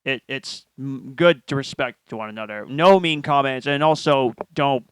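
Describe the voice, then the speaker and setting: A man's voice: medium pitch, moderate pace, clear, resonant tone, no room sound. A man co-hosting a podcast, chatting casually with joking asides and earnest pleas to viewers. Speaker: podcast co-host. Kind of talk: casual chat.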